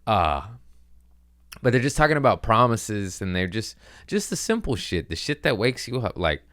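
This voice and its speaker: A man's voice: fairly low pitch, fairly bright tone, smooth, no room sound, studio quality. A man hosting a podcast, rambling through a profane, self-mocking comedic monologue in casual chat. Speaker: podcast host.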